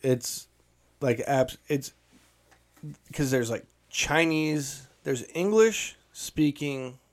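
A man co-hosting a casual chat about a movie, riffing and mocking it in fast bursts. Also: medium pitch, animated.

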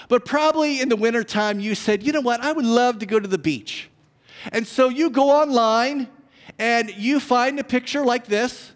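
A man preaching a sermon as a pastor, swinging from booming lines to hushed ones and tossing humorous asides to the congregation. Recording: long hall reverb.

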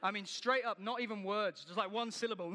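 A man preaches in a high, bright, sharp voice, telling his stories in a lively way and acting out each scene. His sermon rings with the long reverb of a large hall. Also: a little fast. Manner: animated storytelling, acting out scenes.

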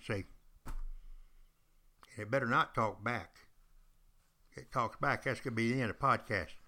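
A man's voice: medium pitch, bright, forceful tone. An older man hosting a podcast, a former history teacher telling history in a folksy, emphatic way. He repeats himself and speaks straight to his listeners. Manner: emphatic, repetitive, addresses listeners directly.

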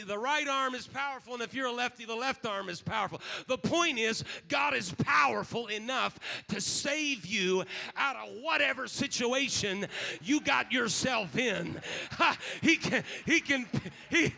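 A man preaching a sermon, shifting between shouted exhortation and quiet scripture reading. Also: very high-pitched, gravelly.

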